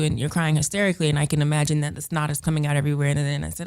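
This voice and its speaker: Lively woman radio host, lowish voice. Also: brisk. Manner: animated storyteller, acts out voices. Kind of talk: radio talk show monologue.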